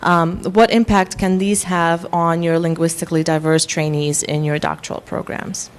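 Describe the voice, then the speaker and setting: A woman with a faint Russian accent presents a workshop to faculty, explaining at a measured pace with frequent ums. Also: lowish voice, flat delivery, smooth. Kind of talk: lecture to faculty.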